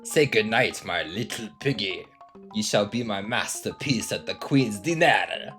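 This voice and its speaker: A pompous male chef from a video game, voiced by a man in a broad mock French accent. He gloats and rolls his words theatrically. The voice sits low underneath the put-on flourish. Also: lively intonation, unhurried, fairly bright tone, soft background music. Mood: gloating.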